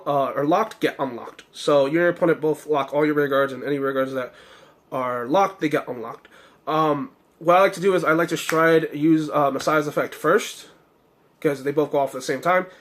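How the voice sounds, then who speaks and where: Young male deck reviewer, slightly higher voice, hoarse, rambling casual delivery full of "um" and "uh". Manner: rambling, many fillers and self-corrections. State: slightly hoarse, losing his voice. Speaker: card game deck reviewer.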